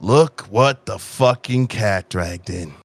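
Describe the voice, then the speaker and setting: A man's voice: lowish voice, takes it slowly, no echo, clean studio sound. A man voicing a blunt, swearing drummer from an old band. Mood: gruff. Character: gruff male drummer, old bandmate.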